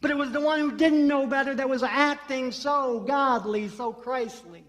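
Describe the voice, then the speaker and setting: High-voiced preacher in a reverberant hall. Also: male voice, normal speed, a bit bright. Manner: storytelling, repeats phrases for emphasis. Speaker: pastor. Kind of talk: sermon. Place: church sanctuary.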